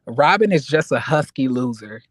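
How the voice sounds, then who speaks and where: A man's voice: mid-range voice, expressive, moderate pace, a bit bright, no room sound. A man co-hosting a casual chat, with dry offhand jokes.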